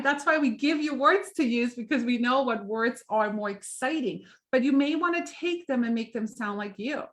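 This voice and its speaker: An upbeat middle-aged woman talks through a live training session for her sales team, chatty and encouraging. Her voice sits a little high. She keeps checking in with her listeners and acts out small scenes as she goes. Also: fairly bright tone. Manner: upbeat, chatty, often asks "right?" and acts out little examples. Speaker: direct sales team leader.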